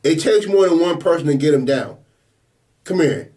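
A man hosting a sports reaction video, exclaiming over football highlights in an excitable, slangy way. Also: normal speed.

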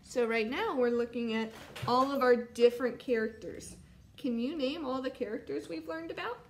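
High-voiced woman teaching first graders. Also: normal speed, echoey room, a little hiss or hum. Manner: warm, encouraging teacher talk to young children. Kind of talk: distance learning lesson and read-aloud.

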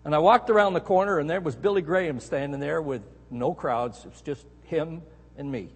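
A middle-aged Canadian man preaching a sermon, telling a story with animated emphasis on key words. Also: fairly high pitch, brisk, slightly rough. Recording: echoey hall.

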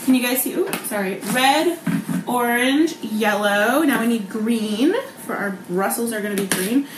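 Chatty mom-vlogger lady, kinda high voice, cooking live in an echoey kitchen w noise behind. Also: a little slow. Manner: chatty, bubbly, laughs often, lots of um and like. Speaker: cooking vlog host. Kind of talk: casual live cooking chat. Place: home kitchen.

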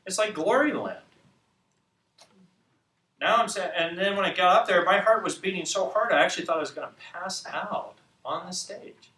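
A man hosting a ministry show, telling a story in an animated, excitable way and acting out the scenes. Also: high voice, normal speed. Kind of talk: storytelling teaching talk. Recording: echoey room, distant mic.

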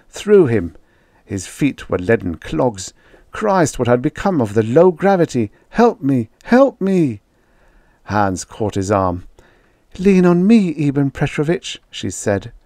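This gravelly, low-pitched man narrates a sci-fi audiobook, his scripted reading steady and dramatic to build tension. The sound is dry and close to the microphone.

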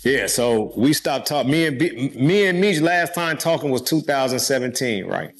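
Relaxed storytelling man. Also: mid-range voice, moderate pace. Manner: relaxed storyteller who acts out quoted voices. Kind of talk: storytelling in casual podcast chat.

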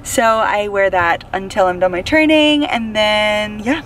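A bubbly, chatty young woman talking straight into her phone at arm's length, words tumbling out with eager excitement. Her pitch sits in an ordinary middle range, and a faint hiss runs under the recording. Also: measured pace. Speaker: vlogger. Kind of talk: casual vlog to camera.

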